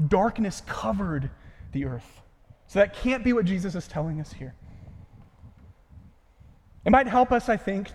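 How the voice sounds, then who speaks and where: A man preaching a sermon, earnest and emphatic, often dropping to a hushed voice at the ends of phrases. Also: sits high. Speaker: pastor. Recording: long hall reverb.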